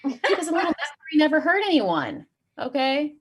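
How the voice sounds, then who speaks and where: A woman's voice: high-pitched, very animated, fairly quick. A woman performing a stand-up comedy set online, delivering dry punchlines and often chuckling at her own jokes. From Saudi Arabia.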